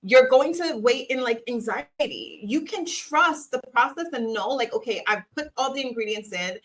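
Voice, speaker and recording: A woman's voice: high voice, lively intonation, normal speed, poor audio. A woman in her thirties, a business coach, giving a faith-based motivational talk and speaking straight to the viewer in an encouraging way. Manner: encouraging, talks straight to the viewer with repeated questions.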